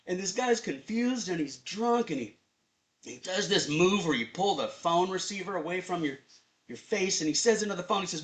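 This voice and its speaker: A man in his fifties telling a personal story at a live storytelling event, conversational and animated. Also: high voice, fairly quick. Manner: animated, conversational, acts out voices.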